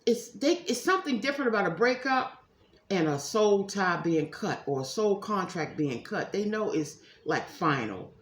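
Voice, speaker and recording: A woman giving a casual tarot reading at home, chatty and animated, talking straight to her viewers. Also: medium pitch. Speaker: tarot reader. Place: room at home. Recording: echoey room.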